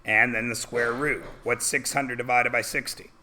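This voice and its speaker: A male math teacher with a mid-range, sharp-toned voice and fairly even intonation reviews algebra in class at a moderate pace. He works problems step by step, quizzing students with questions as he goes.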